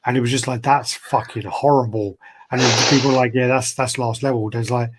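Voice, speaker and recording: A man's voice: medium pitch, steady tone, quick pace, noisy background. A man co-hosting a casual chat, frank and mocking, acting out what others said. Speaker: co-host. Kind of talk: casual chat about collectible statues.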